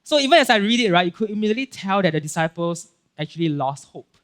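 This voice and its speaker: Man, Singaporean English accent, high voice, animated casual sermon, lots of "right?" and "okay?". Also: fast talker. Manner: animated, acts out Bible scenes with voices; casual filler-heavy talk with frequent "right?" and "okay?". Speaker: pastor.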